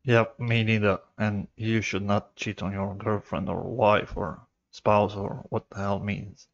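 A man's voice: fairly low pitch, level tone, a little slow, vocal fry, muffled recording. A man casually commenting on a comedy clip, offhand and profane. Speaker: video reactor.

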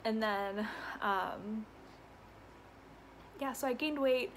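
A woman hosts her podcast from home in a casual, rambling chat, laughing often. Her voice sits a touch high and sounds breathless and a little stuffy. Faint ambient sound drifts in through open windows behind her. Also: extremely slow, slight background noise, low-quality recording. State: stuffy from allergies. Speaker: podcast host.

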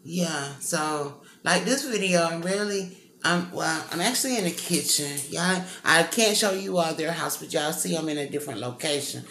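Chatty woman vlogging in a dark kitchen. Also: low voice, normal speed, slight background noise. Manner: rambling, talks directly to viewers as "y'all". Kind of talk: casual chatty vlog. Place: kitchen at a workplace, lights off. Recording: echoey room with faint background ambience.

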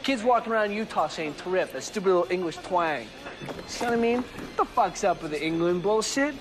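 A ranting young American punk. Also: male voice, sits high, lively intonation, fairly quick, background noise. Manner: profane, sarcastic, ranting. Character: angry young male punk, cynical ranter. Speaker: punk narrator. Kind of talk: film monologue to camera.

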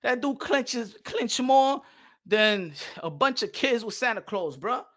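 A man's voice: very high voice, expressive, slow, fairly bright tone. A man from New York ranting heatedly as a boxing commentator, switching between English and Spanish in a mocking way. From New York City.

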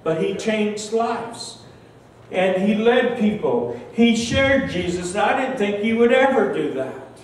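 An older male pastor preaching a sermon, telling a personal story slowly and earnestly, his voice often softening at the ends of phrases. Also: high voice, expressive, slight background noise. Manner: slow, earnest, emotional storytelling with soft trailing endings. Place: large church sanctuary. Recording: very echoey church hall, distant mic.

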